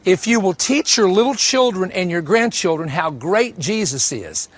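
A high-pitched man preaching with emphatic, storytelling energy. He repeats key lines for effect and talks straight to the congregation. His voice sounds close and dry, with no room echo. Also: animated, normal speed. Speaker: pastor. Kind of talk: sermon.

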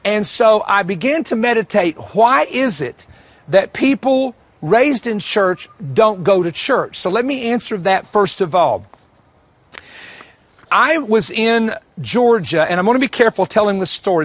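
A high-pitched man preaching with emphatic, storytelling energy. He repeats key lines for effect and talks straight to the congregation. His voice sounds close and dry, with no room echo. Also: fairly bright tone. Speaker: pastor. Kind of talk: sermon.

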